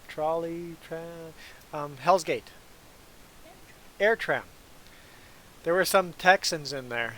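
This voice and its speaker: A man's voice: fairly high pitch, slow, pauses often, fairly bright tone, slight background noise, poor audio. A man from Canada whose first language is German, chatting casually with his viewers in a livestream Q&A and often laughing as he rambles. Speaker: trucker streamer answering chat.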